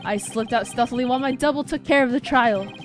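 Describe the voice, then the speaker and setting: A woman's voice: on the high side, fast talker, over music, close to an everyday voice. A woman voicing an arrogant male killer in a video game, speaking grandly and theatrically. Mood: boastful.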